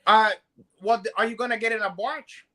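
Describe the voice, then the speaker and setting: A man with a Brazilian Portuguese accent, a podcast co-host trading goofy jokes and loud impressions in casual banter. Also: high-pitched, steady tone, moderate pace. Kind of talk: joking banter.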